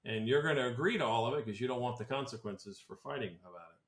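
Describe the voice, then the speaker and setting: Blunt opinionated guy chatting casually on a podcast, mid pitch, lots of restarts, echoey room. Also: lively intonation, quick pace, a bit bright. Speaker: tax planning advisor. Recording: roomy echo.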